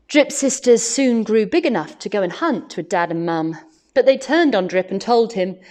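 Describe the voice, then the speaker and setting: A woman reading a picture book aloud to children, animated and expressive, often laughing. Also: fairly high pitch, normal speed. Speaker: storyteller.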